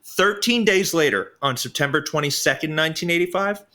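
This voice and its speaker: A man's voice: fairly high pitch, brisk, sharp tone. A man co-hosting a history podcast, reading a prepared script with sarcastic asides. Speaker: podcast co-host. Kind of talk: casual history podcast narration.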